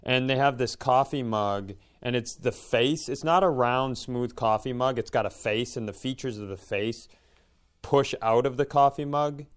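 Smooth-voiced man telling a rambling story. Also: mid-range voice, normal speed. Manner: rambling anecdotes with quoted voices. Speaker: comedian podcast co-host. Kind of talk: casual storytelling chat.

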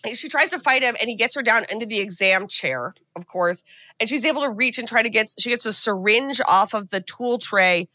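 Bright-voiced woman recapping a movie. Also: a little high, fairly quick, no echo. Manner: profane, animated storytelling. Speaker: podcast co-host.

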